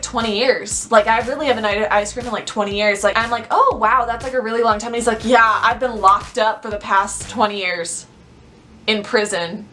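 A woman's voice: fairly high pitch, a little hiss or hum. A young woman vlogger telling a storytime, chatty and full of "like" fillers. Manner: chatty, fillers of "like", animated retelling. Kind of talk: storytime vlog.

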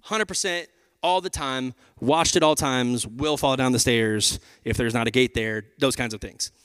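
A man, preaching a sermon in a lively, conversational way and addressing the crowd as y'all. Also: mid-range voice, normal speed, clear, resonant tone. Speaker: pastor. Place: large church auditorium. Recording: live hall with long reverb.

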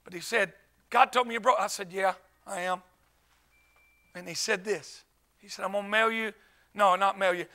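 An evangelist preaching in a church, his voice very high and piercing bright. He tells stories with animated swings and frequent bursts of shouting, his drawl plain throughout. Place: church sanctuary.

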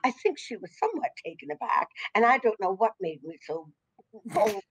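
A woman in her eighties, a voice actress being interviewed, telling stories in a chatty, warm manner. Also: a little high, sing-song, normal speed, breathy edge, rough recording. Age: 80s. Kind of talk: anecdotal casual chat.

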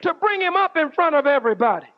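A man giving a fiery sermon-style speech, preaching with dramatic pauses and shouted outbursts. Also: extremely high pitch, very animated. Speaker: minister. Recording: dull lo-fi archive recording.

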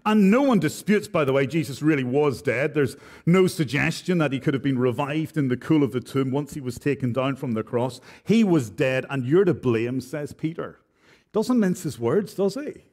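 A man's voice: mid-range voice, expressive, moderate pace, a little mellow. A man preaching an expository sermon in church, earnest and direct, with frequent rhetorical questions. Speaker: pastor.

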